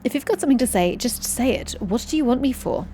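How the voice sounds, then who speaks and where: A woman reading game dialogue aloud, voicing a blunt, sharp-tongued young woman researcher who is secretly socially awkward. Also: a little high, lively intonation, quick pace, a little hiss or hum, lightly acted. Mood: brusque. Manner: curt and prickly, turning flustered.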